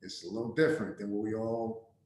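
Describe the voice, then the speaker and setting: A man's voice: lowish voice, steady tone, fairly quick, darkish tone, slight background noise. A man hosting a casual interview, laid-back and slangy. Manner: laid-back, slangy, calls guest bro. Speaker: podcast host. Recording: very echoey room.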